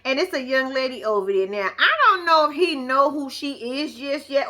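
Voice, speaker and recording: 高音女性，声音明亮尖利，泼辣直白地吐槽真人秀。. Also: female voice, sits high, pushed and bright. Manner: blunt, profane, sassy running commentary. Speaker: show recap commentator. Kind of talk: casual reality-show recap.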